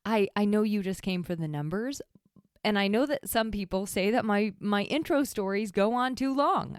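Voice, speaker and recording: This podcast host speaks alone at medium pitch and a moderate pace, her tone clear and resonant in a dry recording. Chatty and frank, she leans heavily on "like," her voice teary and near breaking.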